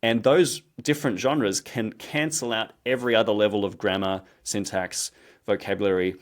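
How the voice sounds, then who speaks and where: An Australian man, a guest scholar, explaining ideas in relaxed conversation with dry humor. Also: on the low side, normal speed.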